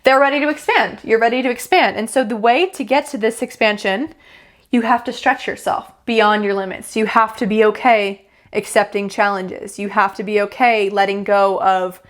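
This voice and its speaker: A woman's voice: medium pitch, steady tone, normal speed. A woman teaching spiritual manifestation in a casual, chatty, upbeat way while she explains a drawing.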